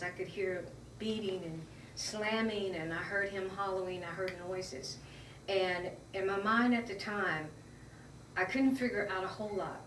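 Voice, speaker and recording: A woman's voice: medium pitch, a bit bright, slight background noise. Earnest woman recounting, distant roomy mic. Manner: earnest, emotional, halting retelling. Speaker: interviewee. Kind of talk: personal account in an interview.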